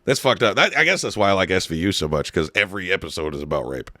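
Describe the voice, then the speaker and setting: A young man telling crude stories on a comedy podcast, his voice swinging up and down in pitch as he goes. The tone is bright and forward. He cusses freely and laughs at his own jokes, recorded close on a dry studio mic. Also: fast talker, no room sound. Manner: animated storyteller, swears a lot, breaks into laughs. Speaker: podcast co-host.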